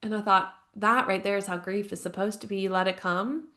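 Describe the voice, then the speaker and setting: A woman in her thirties speaks as a podcast interview guest, with a mid-range voice. She tells her story earnestly and reflectively. Her talk is loose and conversational, full of "like" and soft laughs. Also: medium pitch, fairly even intonation, brisk. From United States. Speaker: podcast guest, grief counselor and author. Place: home, living abroad.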